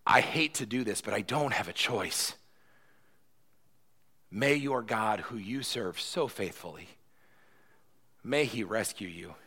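A man's voice: fairly low pitch, animated, normal speed, hardly any pauses, bright, forceful tone, husky, full character voice. A man playing a regretful reluctant king.

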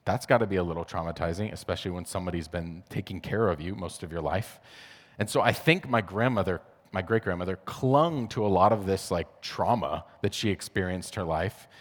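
A man's voice: low-pitched, brisk. A young adult man preaching a casual sermon in a conversational way, with frequent "like" fillers. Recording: reverberant hall.

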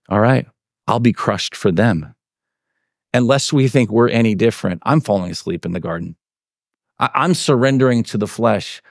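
A man preaching a sermon to a congregation in a relaxed, conversational way, often filling with "like" and "right". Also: mid-range voice, no echo, clean studio sound. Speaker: pastor.

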